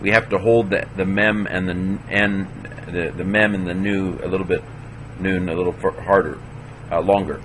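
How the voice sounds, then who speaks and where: A man teaching a class, slowly sounding out syllables one at a time and stopping to correct himself. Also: deep voice, flat delivery, noisy background. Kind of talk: classroom walkthrough of Hebrew pronunciation.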